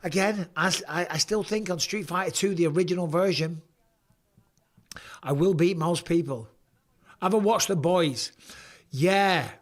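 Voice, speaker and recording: A middle-aged man with a northern English accent, hosting a live watchalong and chatting casually with viewers, blunt and quick to swear. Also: high voice. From England. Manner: casual and blunt, swears freely, reads viewer questions aloud. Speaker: host.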